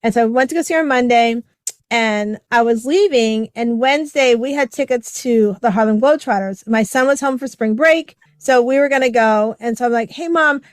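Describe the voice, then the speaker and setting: Here a middle-aged podcast host recounts something from her own life, chatty and loaded with fillers, performing the quoted voices. She speaks fairly quickly in a smooth, high-leaning voice on a dry recording.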